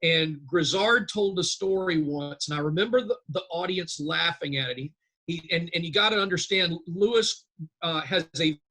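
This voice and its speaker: A man in his fifties with a bright, forceful voice pitched a little high. He chats and tells stories as a guest in an interview, animated and talkative. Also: normal speed. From North Carolina, US. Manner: lively storyteller, animated and chatty. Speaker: guest, real estate instructor. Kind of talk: casual interview storytelling.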